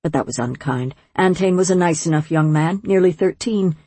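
A woman narrating a fantasy audiobook in a measured, wryly storytelling manner. Her voice sits low and husky, recorded dry and close in a studio. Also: mellow, no room sound.

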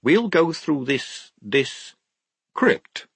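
A man reading an audiobook, voicing a precise young woman medic who speaks in a clinical, deliberate way. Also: on the high side, sing-song, gravelly, husky, no room sound, pitched above the performer's own voice, exaggerated voice.

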